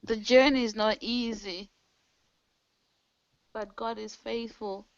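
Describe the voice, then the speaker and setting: A woman's voice: fairly high pitch, fairly even intonation, slow, dry recording, muffled recording. A woman leading a team video call, giving an earnest, preachy motivational talk that cites scripture. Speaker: team leader hosting an online call.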